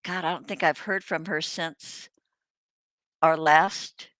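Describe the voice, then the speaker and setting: A woman's voice: low-pitched, fairly even intonation, a bit bright, no room sound. Rambling older woman hosting a livestream. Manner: rambling, halting, many fillers and restarts, swears. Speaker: host. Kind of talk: casual livestream chat.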